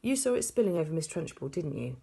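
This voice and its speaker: A woman's voice: sits low, sing-song, fast, vocal fry, warm tone, husky, full character voice. A woman voicing a small, clever schoolgirl who speaks earnestly and eagerly in a storybook reading.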